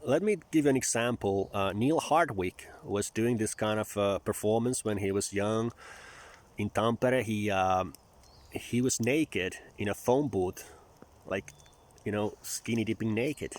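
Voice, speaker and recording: A man's voice: lowish voice, measured pace, a little mellow. A Finnish man whose first language is Finnish, speaking English with a Southern US twang in a chatty, wry, rambling monologue outdoors. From Finland. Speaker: vlogger. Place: outdoors near marshland.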